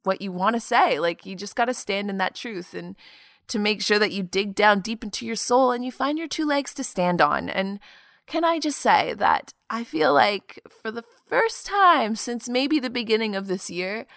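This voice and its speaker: A woman's voice: on the high side, lively intonation, unhurried, gravelly, no room sound, studio quality. A woman in her twenties hosting her own podcast, talking in an earnest, confiding way. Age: 20s. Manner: earnest and confiding, laughing softly now and then. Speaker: podcast host. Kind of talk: reflective solo podcast talk.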